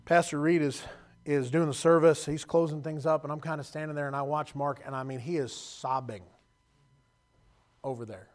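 A man's voice: fairly high pitch, steady tone, normal speed. Man preaching an emotional sermon. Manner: emotional storytelling, swinging from loud to hushed.

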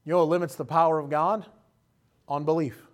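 A pastor with a high, ringing voice preaches an impassioned sermon at a brisk clip, his intonation fairly even. He dips into quiet asides, builds to loud calls, and voices other people as he goes.

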